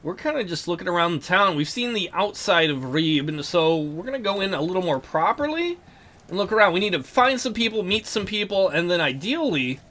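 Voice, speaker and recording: A man's voice: high-pitched, sing-song, brisk, bright, forceful tone. A man hosting a casual let's play, commenting on a game in a jokey, upbeat way.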